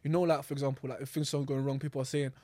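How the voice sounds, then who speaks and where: A young man, chatting casually as a podcast co-host in quick slangy talk. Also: medium pitch, level tone, dry recording. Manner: quick slangy talk, often laughing loudly. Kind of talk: casual chat.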